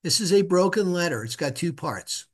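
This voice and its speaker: Middle-aged man, slightly higher voice, unhurried tutor sounding out letters patiently. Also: animated, slightly rough. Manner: patient, repeats syllables slowly for the student to echo. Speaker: Hebrew reading teacher. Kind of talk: casual one-on-one reading lesson.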